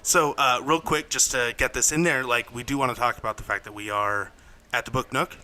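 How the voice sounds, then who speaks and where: A man's voice: medium pitch, steady tone, a little fast, bright, forceful tone, clear, resonant tone. A man co-hosting a podcast in casual, jokey banter, laughing often, recorded on a table microphone inside an open bookstore. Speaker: podcast co-host. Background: faint shop ambience.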